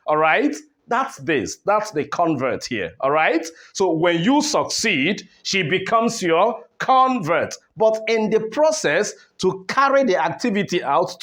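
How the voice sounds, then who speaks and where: Male teacher, slow and lively-pitched, drills stress by repeating words. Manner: rhetorical questions, repeats words with stress contrasts. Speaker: English teacher. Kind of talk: classroom lesson on word stress.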